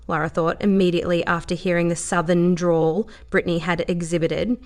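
A woman narrating a story in an even storytelling manner. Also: on the low side, a little fast. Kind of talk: audiobook narration.

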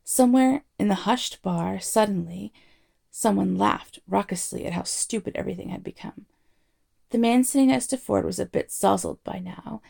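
A woman reading a novel aloud as narrator in a wry, measured storytelling manner. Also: mid-range voice, creaky, a little mellow, breathy edge.

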